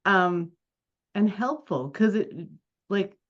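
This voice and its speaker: A woman's voice: mid-range voice, animated, slow pace. A woman hosting a podcast interview, affirming and effusive toward her guest. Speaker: podcast host. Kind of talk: conversational interview. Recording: dull lo-fi audio.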